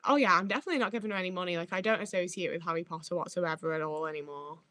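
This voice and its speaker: A woman's voice: fairly low pitch, rapid-fire, sharp tone, dry recording. A woman livestreaming who reads out chat as she goes. She rambles, swears freely and trips over her own words.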